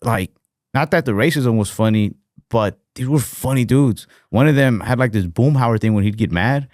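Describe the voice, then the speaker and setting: A man's voice: mid-range voice, normal speed, darkish tone, no echo, clean studio sound. A young man co-hosting a podcast, telling rambling, profane work stories in a casual chat with quoted voices. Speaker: podcast co-host.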